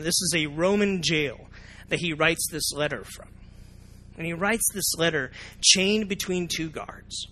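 Bright-voiced pastor preaching. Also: male voice, fairly high pitch. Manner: animated, asks the congregation questions, acts out reactions. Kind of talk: sermon. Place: church sanctuary.

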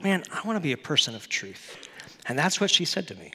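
Man, middle-aged pastor, sermon, animated storytelling, bright forceful voice, long hall reverb. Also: a little high, fairly quick, breathy edge.

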